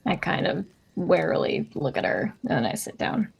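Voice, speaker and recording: A woman player in a tabletop game with a somewhat low, gravelly voice. She answers dryly and sardonically. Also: very animated, normal speed, highs cut off.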